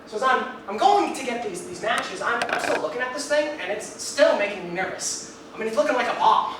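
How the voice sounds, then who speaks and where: A young man performing a one-man stage story, animated and acting out each scene. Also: very high-pitched, brisk. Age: young adult. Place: theater stage before an audience. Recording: echoey live theater, distant mic, noisy.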